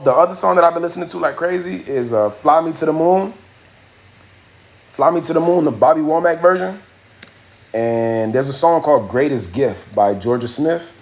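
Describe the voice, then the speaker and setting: Chatty man on a livestream. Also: medium pitch. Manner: loose, chatty, repeats words while working things out. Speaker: livestream host and rapper. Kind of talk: casual livestream chat. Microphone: phone.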